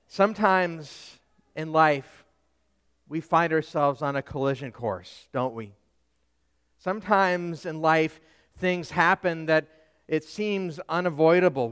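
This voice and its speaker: A man from Minnesota preaching a sermon, telling stories in a deliberate way and letting phrases trail off softly. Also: a little high, clean tone, in a large hall. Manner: storytelling, slow and deliberate with soft trailing phrases. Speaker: pastor.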